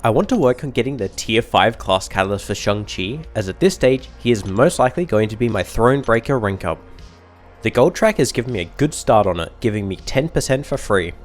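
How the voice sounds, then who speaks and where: A man giving calm, matter-of-fact commentary as he plays a mobile game and opens rewards. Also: medium pitch. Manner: measured, matter-of-fact narration of crystal openings. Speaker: gaming YouTuber. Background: background music.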